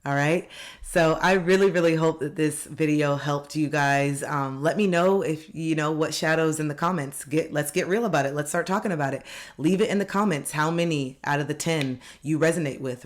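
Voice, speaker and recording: A life coach giving a self-help video talk, earnest and reassuring, repeating gentle affirmations and speaking straight to viewers. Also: medium pitch, fairly even intonation, moderate pace. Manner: speaks directly to viewers, coaxing them to open up.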